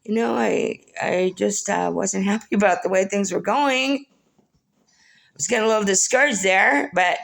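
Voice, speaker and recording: A woman's voice: medium pitch, moderate pace, gravelly. A middle-aged woman rambling through a personal monologue to her viewers, blunt, scolding and preachy, calling them "folks.". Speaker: spiritual vlogger.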